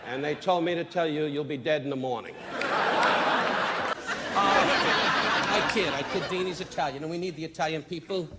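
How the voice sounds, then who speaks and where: A man doing insult roast stand-up on a banquet stage, firing brash rapid jabs at the audience. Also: a little high. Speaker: roast comedian. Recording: noisy old archive recording. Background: laughing audience.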